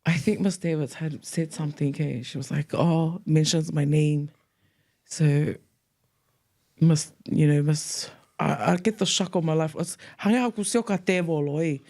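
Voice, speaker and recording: A woman, co-hosting a podcast, telling school stories in a casual, lively way, acting out quoted voices and mixing in Tongan words. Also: low voice, a little slow, vocal fry. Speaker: podcast co-host. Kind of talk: casual storytelling chat.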